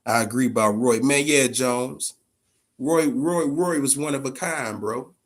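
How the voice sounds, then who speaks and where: With a mid-range voice and a measured pace, a male boxing-channel host talks casually on a livestream. He's animated and foul-mouthed, and "man" closes nearly every phrase.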